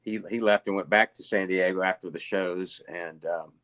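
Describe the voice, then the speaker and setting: A middle-aged man with a Southern US accent, telling stories at a relaxed pace with lots of fillers as a guest in an interview. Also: sits low, moderate pace. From Alabama. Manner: rambling, relaxed storytelling with many fillers. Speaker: guest, illusionist. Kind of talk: casual interview chat.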